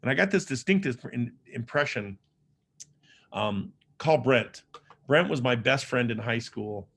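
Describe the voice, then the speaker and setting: A man's voice: medium pitch, expressive, a little slow, fairly bright tone, husky. A middle-aged man giving a motivational speech, telling his own story in an earnest, conversational way, with frequent fillers and restarts. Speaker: motivational speaker.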